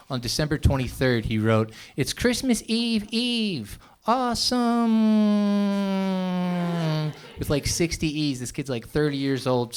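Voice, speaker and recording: A young man doing a stand-up set on a club stage, telling stories in a quick, conversational way. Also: medium pitch, fairly bright tone. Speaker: stand-up comedian. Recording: live club recording with audience noise.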